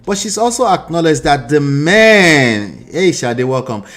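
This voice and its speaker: A man's voice: on the high side, measured pace. A man hosting a live stream, reacting to a video and picking apart every word with rhetorical questions. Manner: animated, picks apart words, rhetorical questions.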